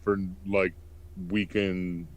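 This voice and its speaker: Low-voiced wry male co-host. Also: little pitch movement, very slow, dry recording. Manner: short wry reactions, swears for laughs. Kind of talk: casual comedic podcast chat.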